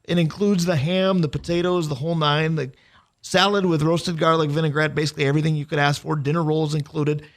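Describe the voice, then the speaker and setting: A man's voice: a little high, level tone, fairly quick. A man hosting a sports radio show, chatting casually and reading sponsor details in an upbeat way.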